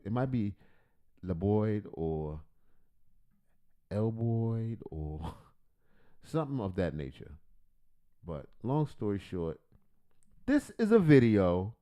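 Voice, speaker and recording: A man with a lowish, warm-toned voice hosts a comedic livestream reaction, giving casual commentary. He rambles, swears, jokes, and keeps interrupting himself.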